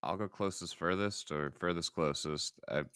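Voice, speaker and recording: A man's voice: low-pitched, moderate pace, a bit bright, clear, resonant tone, no echo, clean studio sound. A man narrating as dungeon master in a casual game, swearing freely and trailing off with fillers.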